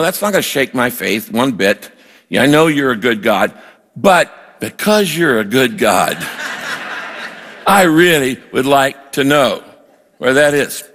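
A man preaching a sermon, telling a personal story and acting out his own prayers in an animated way. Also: fairly high pitch. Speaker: pastor. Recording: long hall reverb.

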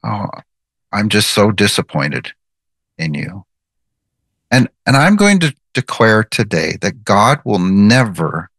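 A man's voice: on the low side, fairly bright tone, no room sound. A man giving devotional Bible teaching, earnest and emphatic, repeating his key phrases.

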